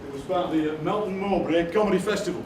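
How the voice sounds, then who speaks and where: Telling comic anecdotes deadpan before a live theatre audience, a male poet on stage acts out other people's words in a high voice at a fast clip. The distant, roomy hall recording has slight background noise along with audience laughter.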